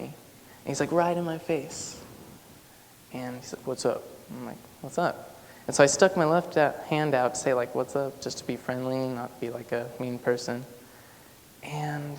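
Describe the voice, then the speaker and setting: A man's voice: mid-range voice, vocal fry. A young male student on stage tells a personal story in a casual style, with a lot of "like" fillers. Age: young adult. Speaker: student speaker. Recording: long hall reverb, faint noise.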